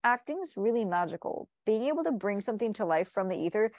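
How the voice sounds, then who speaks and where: A woman's voice: mid-range voice, animated, fast, a little mellow, dry recording, studio quality. A woman speaking as a client in a hypnosis session, rambling earnestly and encouragingly with many fillers and restarts.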